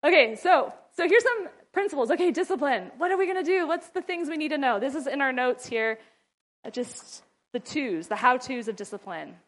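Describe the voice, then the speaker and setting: A woman's voice: high-pitched, expressive, brisk. A woman teaching mothers in a casual talk, chatty and laughing often as she acts out little scenes.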